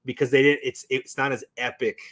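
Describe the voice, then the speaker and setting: A man on a talk show as a guest, telling stories with excitement and emotion, often restarting his sentences. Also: medium pitch, brisk. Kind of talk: casual chat.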